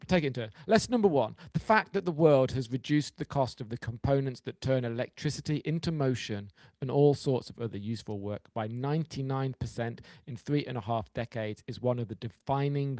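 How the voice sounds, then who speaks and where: A man's voice: medium pitch, fairly quick, a little mellow, no echo. A man co-hosting a podcast, reading from an essay and riffing on it with wry, joking asides. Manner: wry, jokey, reads then riffs. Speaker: podcast co-host. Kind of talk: casual chat reading an essay.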